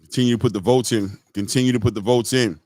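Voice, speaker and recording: A man's voice: mid-range voice, fairly even intonation, quick pace, darkish tone, dry recording, studio quality. A man hosting a live boxing stream, giving casual, slangy fight commentary and talking straight to his viewers.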